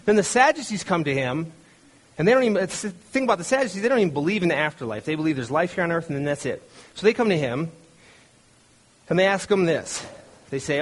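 Husky, higher-voiced male pastor. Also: big pitch swings, fast. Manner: storytelling, acts out quoted voices, frequent restarts. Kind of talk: conversational sermon.

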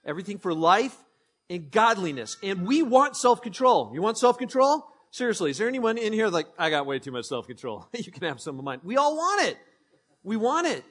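Man, pastor, sermon, high pitch, conversational, joking, animated storyteller.

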